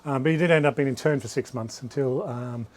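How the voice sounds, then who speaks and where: Speaking fast in a mid-range voice, this male author addresses a small crowd in a bookshop, live, about his books. His talk wanders through anecdotes, full of restarts and side comments, and a little hiss or hum sits under the recording.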